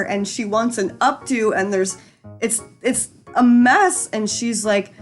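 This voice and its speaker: A woman's voice: mid-range voice, unhurried, soft background music. A young adult woman hosting a casual storytime chat, rambling and frank, with lots of fillers and easy swearing. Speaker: storyteller host.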